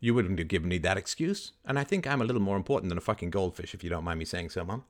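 A man hosting a call-in advice show, scripting a confrontation in forceful, indignant tones with rapid rhetorical questions and swearing. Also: sits low, animated. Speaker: host.

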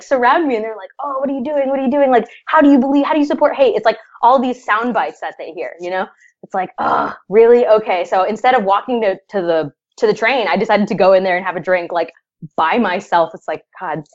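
A young adult woman, a guest in an interview, telling her story in a casual, animated way with laughing asides. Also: mid-range voice, lo-fi sound.

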